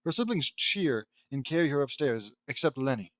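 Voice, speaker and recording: A man's voice: mid-range voice, very animated, moderate pace, fairly bright tone, no echo. A man reading a fan-fiction audiobook aloud in a casual way, breaking off for amused asides to himself. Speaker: audiobook reader.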